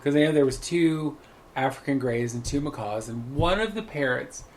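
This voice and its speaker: A man co-hosting a podcast, chatting casually and telling animated stories. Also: medium pitch, normal speed, slight background noise. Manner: chatty storyteller, animated when quoting. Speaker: podcast co-host. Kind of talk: casual chat.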